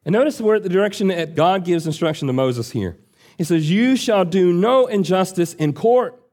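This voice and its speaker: A man's voice: sits high, animated, moderate pace, darkish tone. Earnest male preacher teaching scripture. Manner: earnest, emphatic teaching with rising and falling delivery. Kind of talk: sermon, reading and explaining scripture.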